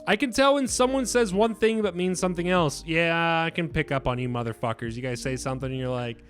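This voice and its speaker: A man's voice: on the high side, a little fast, soft background music. Rambling, swearing man chatting to viewers. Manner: profane, rambling, hesitant with filler words. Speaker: YouTuber taking an online quiz. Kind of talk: casual chat to viewers, reading quiz items aloud.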